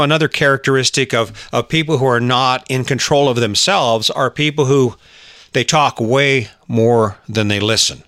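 A man speaks at a mid pitch, giving a motivational talk. His delivery is earnest and conversational, and he often restarts his sentences. The sound is dry and close, with no room echo. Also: bright, forceful tone.

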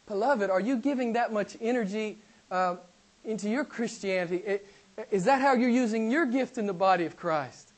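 A man preaching a sermon who repeats his key phrases, calls his listeners beloved and keeps putting questions to them, swinging between loud emphasis and quiet asides. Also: high-pitched, fairly quick. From United States. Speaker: pastor.

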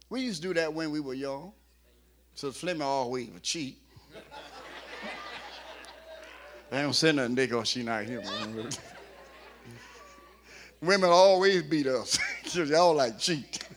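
A man preaching a sermon in a humorous, playful way, coaxing the congregation and building up to shouts at his peaks. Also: on the high side. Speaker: pastor.

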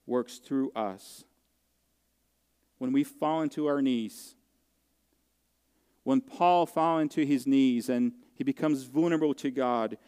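Earnest pastor preaching in a reverberant hall. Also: male voice, medium pitch, a little mellow, clear, resonant tone. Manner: earnest, heartfelt storytelling with halting restarts. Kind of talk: sermon.

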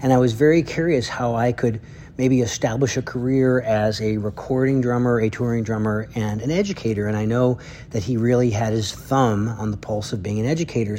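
A man's voice: medium pitch, brisk, dark tone, a little hiss or hum. A man, a drummer and educator, telling heartfelt stories in a spoken tribute. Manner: earnest storytelling.

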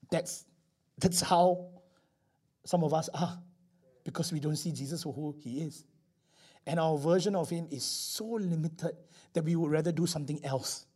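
A man preaching a sermon, swinging from loud emphasis to quiet asides and acting out little scenes. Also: on the high side, moderate pace, long pauses, slightly rough. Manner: animated, acts out little scenes with voices. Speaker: pastor.

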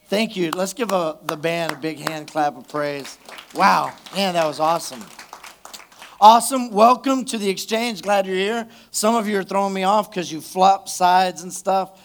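A man's voice: sits high, normal speed. A male pastor preaching a live sermon at a church service, talking conversationally and calling out to the congregation for responses.

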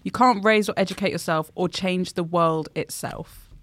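A young woman co-hosting a casual podcast, musing quietly and asking questions as she thinks aloud. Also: fairly low pitch, moderate pace. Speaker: podcast co-host.

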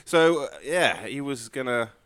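Male co-host, bright animated voice, giggly and crude, reads the news out casually. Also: medium pitch, measured pace, clean tone, no echo. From Australia. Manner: laughing, swearing, reading news aloud. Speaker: podcast co-host. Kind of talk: casual chat.

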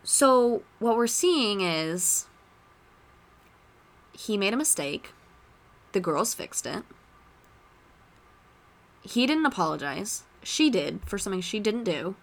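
A woman hosting a casual podcast at a middle pitch, talking in a loose, chatty way. She retells scenes and drops quick asides of her own. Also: big pitch swings. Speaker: podcast host.

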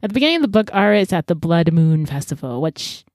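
A woman's voice: on the low side, big pitch swings, quick pace, darkish tone, no echo, studio quality. A young woman co-hosting a book podcast, recapping the plot in a casual, playful way and acting out the characters' lines. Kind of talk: casual chat summarizing a book.

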